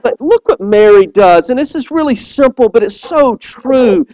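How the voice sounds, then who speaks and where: A man's voice: extremely high pitch, lively intonation, moderate pace, darkish tone, rough recording. A man preaching a sermon, telling stories with animation and often repeating words as he appeals directly to his listeners.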